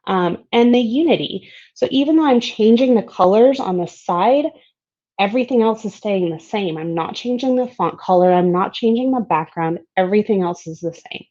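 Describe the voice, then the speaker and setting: In a recorded slide presentation, a woman explains design principles in a mellow, medium-pitched voice at normal speed. She's expressive, upbeat and conversational, stressing each key term. The audio sounds a bit dull and lo-fi.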